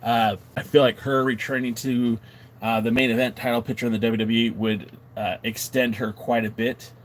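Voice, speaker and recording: A man hosting a wrestling podcast livestream, casually chatting and reading viewer comments in an animated, joking, mock-indignant way. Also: medium pitch, moderate pace.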